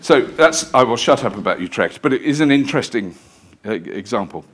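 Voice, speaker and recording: A man's voice: mid-range voice, expressive, brisk, husky. Chatty man giving a rambling lecture. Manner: chatty, rambling, self-deprecating storytelling. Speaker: guest lecturer. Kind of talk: live lecture to an audience. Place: museum lecture theatre.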